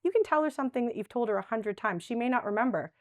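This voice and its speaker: Speaking quickly in a fairly high, animated voice, a woman leads a live dementia workshop before an audience, keeping it chatty and often checking in with "right?". The studio-clean sound has no echo.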